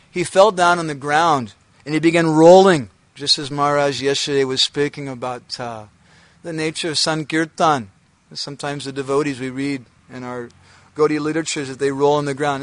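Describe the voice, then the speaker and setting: A man's voice: on the high side, a bit bright, no echo. A man giving a devotional lecture, telling a story with frequent hesitations and self-affirming "uh-huh"s. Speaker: religious speaker.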